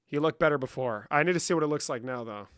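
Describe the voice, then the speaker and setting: Bright-voiced young man trolling on stream. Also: a little high, fast, clear, resonant tone, no echo, studio quality. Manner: joking, trolling, profane banter. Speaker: livestream host. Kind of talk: casual livestream chat reading comments.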